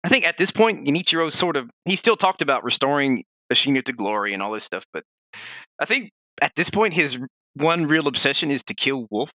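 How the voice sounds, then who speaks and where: A man co-hosting a casual podcast, chatting in an animated way with many fillers and restarts. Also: fairly high pitch, fairly quick, no echo, narrow, tinny audio. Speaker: podcast co-host.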